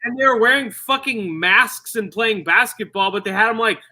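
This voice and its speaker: Bright, high-voiced man ranting. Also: normal speed. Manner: profane, rambling storyteller. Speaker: podcast co-host. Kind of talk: casual chat.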